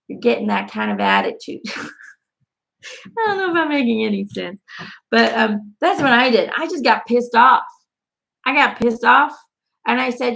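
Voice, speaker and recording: A woman's voice: a little high, big pitch swings, moderate pace, vocal fry, long pauses, a bit bright. A woman giving a live angel card reading in a casual, blunt way, swearing freely and laughing often.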